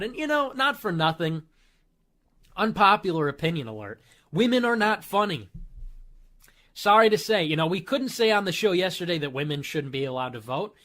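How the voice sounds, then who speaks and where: A man's voice: sits high, fairly bright tone. Sarcastic ranting male host. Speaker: show host. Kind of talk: monologue commentary show.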